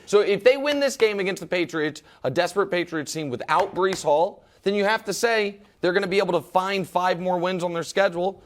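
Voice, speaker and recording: A man hosting a sports debate show, teasing his co-host and making picks in a dramatic, fast way. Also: sits high, a little hiss or hum.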